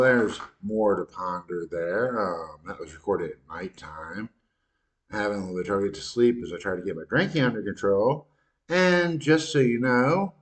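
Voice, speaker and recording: A man hosting a podcast, adding wry, crude commentary between his own recorded clips and softening his jokes afterward. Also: lowish voice. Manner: wry, crude, self-correcting. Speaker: podcast host.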